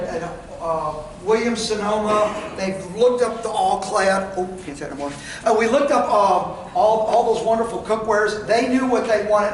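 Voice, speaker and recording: Speaking without a mic and away from the recorder, a man with a high-pitched voice leads sales training in a meeting room. He has a folksy way about him and demonstrates what to say to customers by role-playing. The sound is roomy and distant, and faint room noise can be heard.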